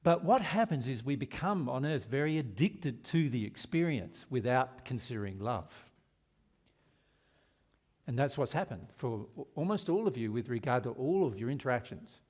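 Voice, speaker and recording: A man's voice: medium pitch, lively intonation, moderate pace, darkish tone. A man with an Australian accent giving a spiritual seminar, earnest and asking the audience rhetorical questions. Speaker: spiritual teacher.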